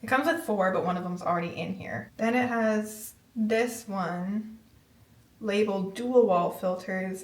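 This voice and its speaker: Excitable woman chatting from across an echoey room. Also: mid-range voice, recorded from a distance. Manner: chatty, excitable, reads labels aloud. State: out of breath at times. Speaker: vlogger. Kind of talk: casual unboxing chat.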